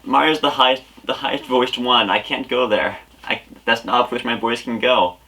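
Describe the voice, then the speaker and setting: A man's voice: medium pitch, steady tone, normal speed, bright, forceful tone. A man youtuber making dry, self-mocking asides in an improvised comedy sketch.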